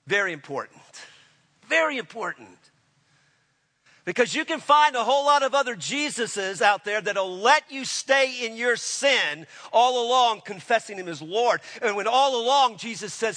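A man preaching a sermon with passion, swinging between loud declarations and hushed, intense moments. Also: high-pitched, animated, normal speed, long reverb tail.

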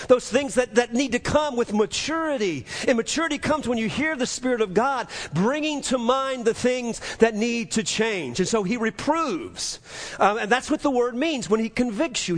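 High-voiced preacher in a reverberant hall. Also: male voice. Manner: earnest, repetitive preaching with many restarts. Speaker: pastor. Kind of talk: sermon.

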